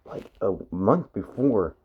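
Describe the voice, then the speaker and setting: A man's voice: lowish voice, animated, slow pace, phone-quality sound, a little hiss or hum. A man casually retelling an improvised fan story, rambling with lots of fillers.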